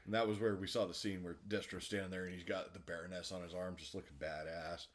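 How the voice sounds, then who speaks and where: A man's voice: deep voice, level tone, fast. A man co-hosting a podcast, casually recapping a cartoon episode at length and laughing often. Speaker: podcast co-host.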